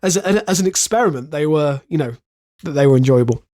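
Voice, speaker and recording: A man's voice: a little high, lively intonation, fairly quick, darkish tone. A man co-hosting a podcast, congested and nasal from a virus, talking hesitantly. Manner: hesitant, many fillers and restarts. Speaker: podcast co-host. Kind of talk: casual chat.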